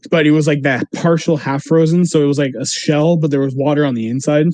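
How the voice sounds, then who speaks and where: A man's voice: on the high side, steady tone, fast, a little mellow, no room sound. A young man, a podcast co-host, telling a story in a casual, laid-back chat and laughing often.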